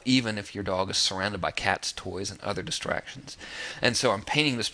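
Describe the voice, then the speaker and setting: Guy in his 30s explaining sales copy, kinda low voice but bright and forceful, lots of ums and restarts. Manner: conversational, many fillers and restarts, acts out quoted lines. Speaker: marketing course instructor. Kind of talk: casual spoken lesson walking through sales letters.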